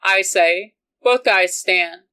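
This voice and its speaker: A woman reading a romance novel aloud in an unhurried, even manner. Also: mid-range voice, clear, resonant tone, rough recording. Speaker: audiobook reader.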